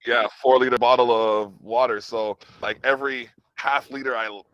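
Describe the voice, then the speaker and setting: A man's voice: medium pitch, normal speed, no room sound, highs cut off. Playful man with a dry, close sound. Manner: playful, animated storyteller who laughs often. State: sick, sore ribs, recovering from illness. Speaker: podcast host. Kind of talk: casual interview chat.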